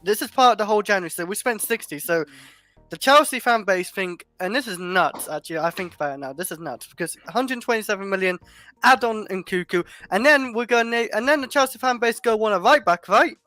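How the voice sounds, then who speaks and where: A man co-hosting a fan livestream, chatting loosely and thinking out loud with a joking edge. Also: high-pitched, animated, fairly quick, no room sound, faint music behind. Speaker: livestream co-host. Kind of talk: casual fan livestream chat.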